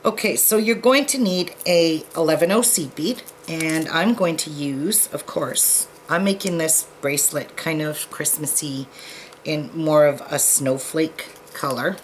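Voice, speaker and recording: Woman, low-pitched, chatty self-deprecating craft tutorial host, faint hiss behind her. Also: a little slow, low-quality recording. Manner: chatty, self-deprecating, talks to viewers while working.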